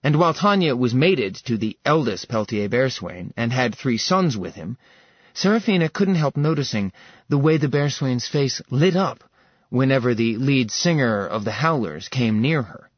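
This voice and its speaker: Man reading a novel aloud, measured, husky, dry dull sound. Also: mid-range voice, expressive, dry recording. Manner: measured storytelling. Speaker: audiobook narrator. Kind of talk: scripted narration. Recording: dull slightly lo-fi dry recording.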